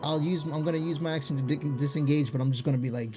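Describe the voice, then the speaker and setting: A man at a tabletop game with a mellow, dark tone that sits slightly high. He talks hesitantly, stopping and restarting as he plans his turn. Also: fairly even intonation, faint music behind. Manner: hesitant, halting. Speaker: player. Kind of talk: casual tabletop game chat.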